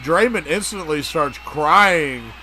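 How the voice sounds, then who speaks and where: A man with a fairly high, bright and forceful voice tells a crude, rambling comedy story on a podcast. He swears constantly and slips into acted-out voices. A faint hum of noise sits behind him. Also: animated, slow pace. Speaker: podcast co-host.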